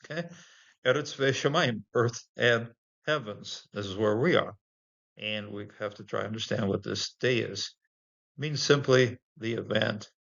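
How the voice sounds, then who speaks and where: Gravelly man teaching a Bible lesson. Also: lowish voice, a bit bright, lo-fi sound. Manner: explains word by word with many fillers and chuckles. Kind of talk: informal Bible language lesson.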